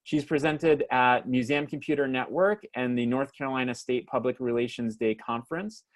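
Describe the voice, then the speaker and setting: A man hosts a webinar over a video call. He reads out guest introductions in a mid-pitched voice, pausing on fillers and tripping over names. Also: fairly even intonation. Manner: hesitant, many uh and um fillers, stumbles on names. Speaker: host and moderator of a webinar.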